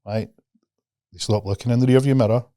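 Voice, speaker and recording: A man's voice: mid-range voice, fairly even intonation, fairly quick, warm tone, no room sound, studio quality. A man, a podcast guest and mindset coach, talking casually and animatedly, swearing freely and acting out the voices of the people he quotes.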